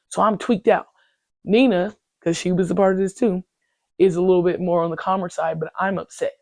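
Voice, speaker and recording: Animated, profane woman in her twenties venting. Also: on the low side, fairly quick, dry recording. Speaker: podcast host. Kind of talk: casual storytelling monologue.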